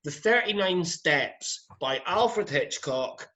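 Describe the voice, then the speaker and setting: A man with a Glasgow accent, a podcast guest, talking in a relaxed, rambling way with dry asides. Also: a little high, slow pace, lo-fi sound. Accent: Scottish (Glasgow). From Scotland. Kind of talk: casual chat.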